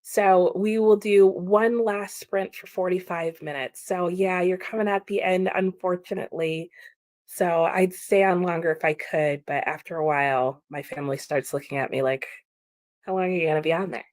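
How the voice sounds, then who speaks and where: A woman's voice: on the low side, steady tone, moderate pace, darkish tone, dry recording, studio quality. A woman hosting a casual livestream, chatting about chat comments with frequent laughs and lots of "like" fillers.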